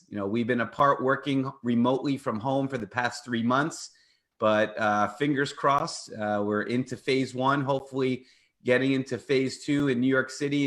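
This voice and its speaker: A man's voice: medium pitch, fairly bright tone. A middle-aged man, an attorney hosting a call-in radio show, talking in an upbeat, promotional way with playful banter. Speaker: personal injury attorney and show host.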